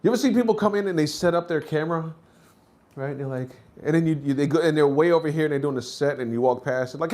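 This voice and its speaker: A man doing a stand-up comedy set, acting out characters in high shouted voices and dropping to low mutters between bits. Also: quick pace.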